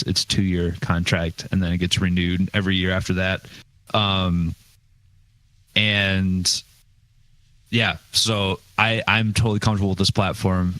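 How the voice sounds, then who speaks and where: A man, a guest drummer on a podcast, explaining things in a halting way and repeating words. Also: low voice, a bit bright. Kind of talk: casual chat.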